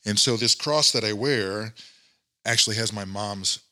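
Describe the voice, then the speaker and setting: A man's voice: fairly low pitch, unhurried, sharp tone, dry recording, studio quality. Earnest man telling a personal story. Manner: earnest, reflective, many fillers. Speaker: guest.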